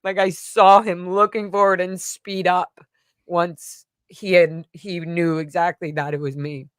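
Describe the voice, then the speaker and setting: A woman's voice: fairly low pitch, flat delivery, unhurried, clear, resonant tone, no echo, clean studio sound. A woman vlogger telling a personal story in a casual, rambling way, full of "like" fillers. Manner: rambling, emotional retelling with frequent "like" fillers. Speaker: vlogger recounting a personal event.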